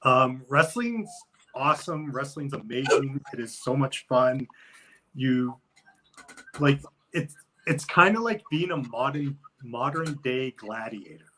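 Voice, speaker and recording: A man's voice: mid-range voice, slow pace, heavy background noise. A man talking loosely as an interview guest, rambling with lots of filler words. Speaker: guest, wrestler. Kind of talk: casual interview chat.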